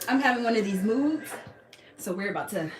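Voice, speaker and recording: Young woman vlogger, chatty, swears a lot, lively pitch, noisy home recording. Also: fairly quick, echoey room. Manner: chatty, laughing, swears freely. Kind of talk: casual chat.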